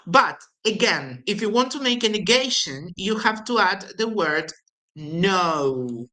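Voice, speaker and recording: A woman with an Argentine Spanish accent teaching English grammar, slowly explaining and repeating example sentences with exaggerated intonation. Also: medium pitch, animated, pushed and bright, rough recording. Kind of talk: recorded language lesson.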